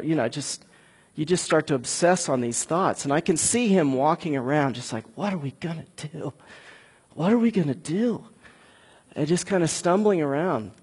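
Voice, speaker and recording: Husky-voiced pastor preaching conversationally. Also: male voice, fairly high pitch, in a large hall. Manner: conversational, animated, talks with the congregation. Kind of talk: sermon.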